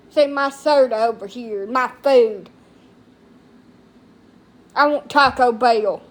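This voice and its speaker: A woman's voice: on the high side, takes it slowly, pauses often. A middle-aged woman chatting casually on a live stream, rambling and crude-mouthed.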